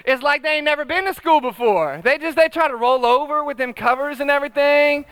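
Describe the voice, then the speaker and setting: Middle-aged male pastor, high bright voice, dry close sound, chatty and humorous preaching. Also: a little fast, no echo. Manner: conversational, tag questions, humorous asides. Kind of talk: sermon.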